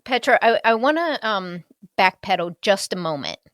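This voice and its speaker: Animated woman host, dry close sound. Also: mid-range voice, normal speed, no room sound. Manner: animated, chuckling, full of restarts. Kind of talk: conversational interview.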